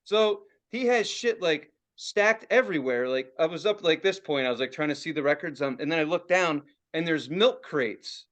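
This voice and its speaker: A male podcast host tells a long story in casual chat and swears freely as he goes. His voice sits fairly high and swings widely in pitch, which keeps the delivery animated. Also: normal speed, hardly any pauses.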